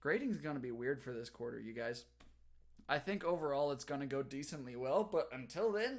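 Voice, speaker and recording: A man's voice: medium pitch, expressive, moderate pace. A young man, a teacher, chatting casually on a livestream from home, reading the chat aloud and talking while he eats.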